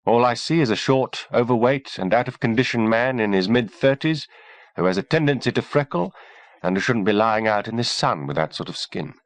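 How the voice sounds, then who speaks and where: A man's voice: medium pitch, lively intonation, fairly quick, no echo, voice pushed up, close to an everyday voice. A man voicing a self-assured young female doctor with a dry, witty manner.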